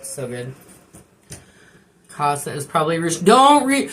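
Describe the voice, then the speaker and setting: A woman's voice: low voice, sing-song, slow pace, long pauses. A woman chatting casually and rambling on a live stream from her kitchen, swearing and joking with viewers. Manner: rambling, profane, jokey. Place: home kitchen.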